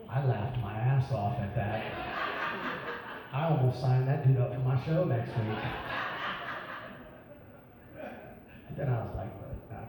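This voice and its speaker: A man performing a crude, profane stand-up set in a comedy bar. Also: mid-range voice. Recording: echoey club room, mic heard from far, noisy.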